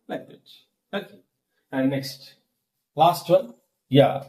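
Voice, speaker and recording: A man with a Telugu accent teaches English pronunciation, his voice pitched somewhat high. He speaks very slowly, repeating each example word several times as a drill. Fillers and "okay" mark every step. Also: a little mellow. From India. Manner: slow, deliberate, repeats words for drilling; frequent fillers and "okay" between points. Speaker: English lecturer. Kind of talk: classroom lesson on word stress.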